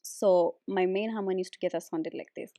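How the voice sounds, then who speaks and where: A woman casually explaining how she builds vocal harmonies, relaxed and chatty with lots of fillers. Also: on the low side, normal speed, dry recording, studio quality. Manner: relaxed, with many fillers like "like" and "so, yeah". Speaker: a cappella vocalist teaching harmony. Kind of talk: casual music tutorial.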